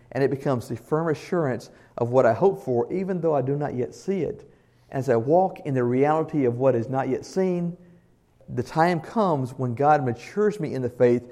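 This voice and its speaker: Earnest male pastor preaching. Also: on the high side. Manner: earnest, emphatic preaching with shifts in loudness; asks the congregation questions. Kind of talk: sermon.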